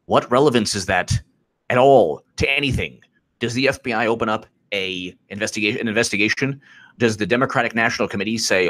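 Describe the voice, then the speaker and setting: A man's voice: on the low side, quick pace, a bit bright. A man hosting casual political commentary on a live stream, repetitive and sarcastic, often exasperated.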